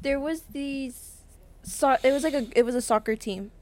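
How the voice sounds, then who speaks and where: A woman's voice: high voice, normal speed, darkish tone. A woman co-hosting a casual podcast, telling a story in a rambling way full of "like" and restarts. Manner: rambling, filler-heavy storytelling. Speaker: podcast co-host.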